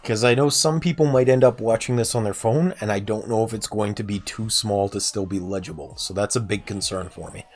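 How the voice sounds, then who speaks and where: With faint game music playing behind him, a young man gives casual livestream commentary on a playthrough, chatting away and asking chat for feedback. He talks briskly with few pauses, his voice on the low side.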